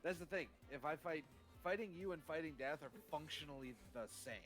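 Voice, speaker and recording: A man's voice: a little fast, fairly bright tone. Laid-back man calling his card moves. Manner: low-key, short remarks about his moves. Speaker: card game player. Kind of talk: casual game-night banter. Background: faint music.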